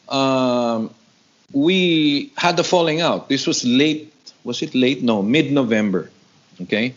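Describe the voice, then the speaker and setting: A man from the Philippines in his sixties, telling stories in a casual interview, who acts out the other people in a higher voice. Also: moderate pace. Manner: animated, acts out quoted voices in a higher pitch. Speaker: guest rock vocalist. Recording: dull lo-fi audio.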